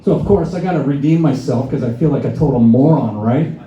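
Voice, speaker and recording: A man's voice: mid-range voice, brisk, warm tone. A man doing a live stand-up set in a bar, sarcastic, acting out phone calls with mock-pompous asides. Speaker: stand-up comedian. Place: bar and grill stage before a laughing crowd. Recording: echoey bar room, dull lo-fi sound.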